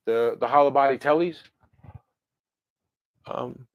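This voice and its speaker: A man's voice: mid-range voice, no room sound. Brief: man, rambling livestream host, dry close mic. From New Jersey. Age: 50s. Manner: rambling and chatty, with many fillers and self-corrections. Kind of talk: casual livestream chat answering viewer comments.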